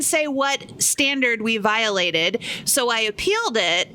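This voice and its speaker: A woman's voice: on the high side, lively intonation, unhurried, few pauses, pushed and bright, clear, resonant tone. A woman co-hosting a podcast, telling stories in casual chat and laughing easily. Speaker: podcast co-host.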